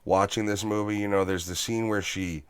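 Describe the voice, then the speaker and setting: A man hosting a casual movie review podcast, animated and swearing freely as he riffs on scenes. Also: lowish voice, normal speed, clean tone, no echo. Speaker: podcast host.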